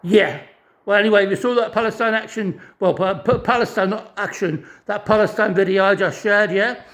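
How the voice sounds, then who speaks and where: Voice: mid-range voice, normal speed, a bit bright. A speaker giving a distressed, angry rant to camera, swearing constantly and stammering over restarted phrases. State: distressed and furious. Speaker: vlogger living in a hostel. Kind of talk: angry ranting monologue.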